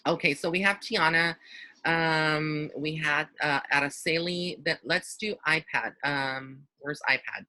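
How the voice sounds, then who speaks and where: A man's voice: on the high side, measured pace, sharp tone, no room sound, low-quality recording. A man hosting a live video call as a psychic medium, talking casually and rambling with lots of fillers and restarts. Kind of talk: casual live-stream chat.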